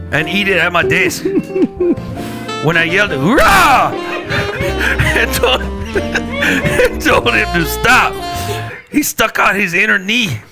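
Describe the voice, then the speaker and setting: A man's voice: a little high, full character voice. A man reading a silly ad in a put-on mock accent, breaking into laughter as he goes. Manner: laughing through his reading.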